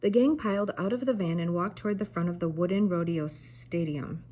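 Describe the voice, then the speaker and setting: An older woman, a teacher and grandmother, reading a children's chapter book aloud in a gentle, unhurried way. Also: on the low side, low-quality recording.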